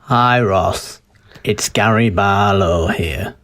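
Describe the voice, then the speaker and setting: Man impersonating a pop crooner, deep voice, slow, deadpan, solemn. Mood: earnest. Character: smooth pop crooner, middle-aged man, earnest.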